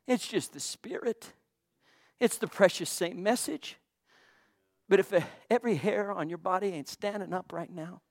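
A pastor delivering a fervent sermon. The delivery rises to loud, ringing exclamations and sinks to hushed near-whispers, with words repeated over and over for emphasis. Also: mid-range voice, vocal fry. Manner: impassioned, swinging from loud exclamations to hushed asides.

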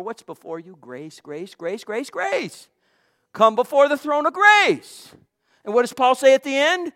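A pastor delivering a fervent sermon. The delivery rises to loud, ringing exclamations and sinks to hushed near-whispers, with words repeated over and over for emphasis. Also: sits high, big pitch swings, measured pace. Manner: impassioned, swinging from loud exclamations to hushed asides.

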